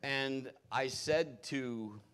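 A man's voice: mid-range voice, drawn-out words, a bit bright. A male pastor preaching a conversational storytelling sermon in a folksy, personal way with rambling asides.

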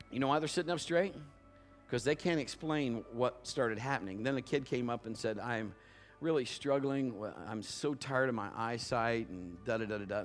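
A male pastor preaching a sermon in a conversational storytelling way, building to loud emphatic bursts. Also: mid-range voice.

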